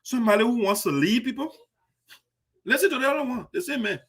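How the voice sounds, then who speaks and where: A man's voice: very high voice, animated, fast, fairly bright tone, husky. A man hosting a radio show and giving indignant, emphatic political commentary with frequent restarts. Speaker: host of a diaspora radio show.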